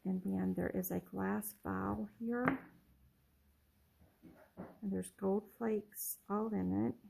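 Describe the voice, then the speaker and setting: A middle-aged woman casually showing her handmade journals in a vlog, soft-spoken and rambling, with lots of ums and self-corrections. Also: medium pitch, steady tone, takes it slowly, creaky, slight background noise, poor audio. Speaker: junk journal crafter showing her work. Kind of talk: casual show-and-tell vlog.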